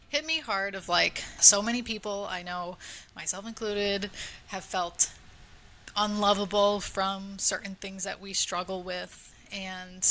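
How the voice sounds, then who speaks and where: A woman's voice: mid-range voice, fairly even intonation, a little slow, sharp tone, a little hiss or hum, rough recording. A woman co-hosting a podcast in casual chat, open and laughing often. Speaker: podcast co-host.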